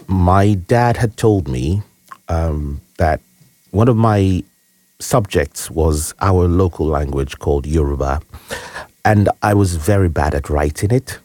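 A man, a guest telling a personal story in an earnest, halting, reflective way. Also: low voice, lively intonation, dark tone, dry recording. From Nigeria. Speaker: interview guest.

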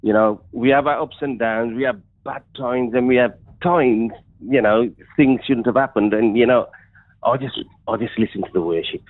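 West midlands guy calling in on a tinny phone line, earnest testimony, keeps repeating himself, middle pitch. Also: moderate pace, no room sound. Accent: West Midlands English. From England. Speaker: caller. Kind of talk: personal faith testimony.

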